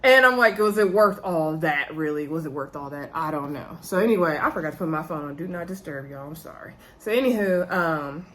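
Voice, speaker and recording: A woman's voice: low-pitched, a little fast, few pauses, fairly bright tone. Chatty woman recapping a show. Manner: chatty, addresses viewers as y'all. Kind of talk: casual recap vlog.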